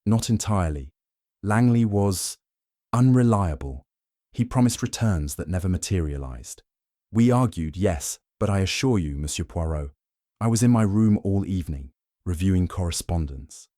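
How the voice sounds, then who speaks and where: A man's voice: low-pitched, lively intonation, moderate pace, dark tone, dry recording, clean studio sound. A man voicing a guarded aristocratic lady in an audiobook, speaking in short, clipped replies. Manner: clipped, curt. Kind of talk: audiobook character voice.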